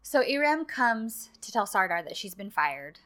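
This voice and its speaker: A woman's voice: mid-range voice, sing-song, normal speed, fairly bright tone. A woman co-hosting a casual chat, animatedly gushing over scenes of a series and laughing. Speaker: podcast co-host recapping a TV series.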